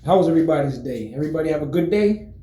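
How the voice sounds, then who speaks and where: A man talking casually to his viewers in a relaxed, rambling way, full of fillers and restarts. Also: a little high, racing, roomy sound, slight background noise, poor audio. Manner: relaxed, friendly greetings. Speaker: vlogger. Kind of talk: casual chat to camera.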